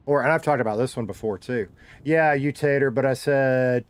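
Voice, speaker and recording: A middle-aged man with a Southern drawl talks casually to his viewers, rambling and joking through old stories. His voice sits at an ordinary middle pitch. The sound is dry and close, with no room echo. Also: moderate pace, fairly bright tone, clean tone. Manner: joking, rambling storyteller who slides his drawl heavier or lighter. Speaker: streamer reading chat. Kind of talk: casual chat with a live audience.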